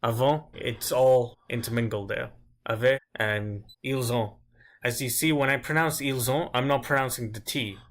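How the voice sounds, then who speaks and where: A man teaching grammar as a language teacher, explaining step by step and slowing down to drill each example word. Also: mid-range voice, fairly bright tone. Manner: slow, deliberate drilling of example words.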